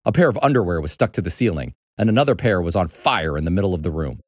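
A man reading a children's story aloud with an animated, expressive delivery. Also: sits low, fast talker, dry recording, clean studio sound. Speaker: narrator.

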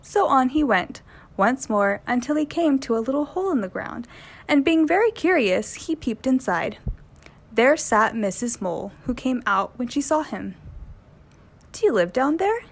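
Woman reading a children's story, gently. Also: on the high side, animated, moderate pace, creaky, breathy edge.

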